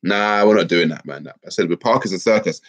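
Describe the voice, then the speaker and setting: A man's voice: deep voice, a little fast. A man, bunged up with a cold, hosting a casual livestream and reading out viewer comments. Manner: reads viewer comments aloud, lively and chatty. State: congested, bunged up. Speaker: livestream host. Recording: dull lo-fi stream audio.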